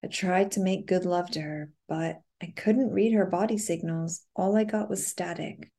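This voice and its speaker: A woman giving a soft-spoken, measured first-person audiobook narration. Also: fairly low pitch.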